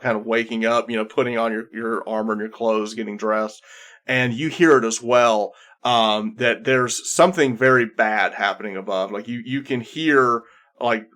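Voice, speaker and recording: A man's voice: mid-range voice, a bit bright. A man working as game master, narrating a tabletop game in descriptive second-person with many restarts.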